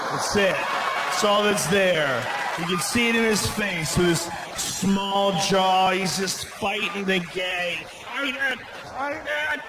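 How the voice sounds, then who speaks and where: A man performing a stand-up comedy set, loud and profane, shouting his punchlines. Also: high-pitched. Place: comedy club stage with a laughing audience. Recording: live club recording with audible crowd noise.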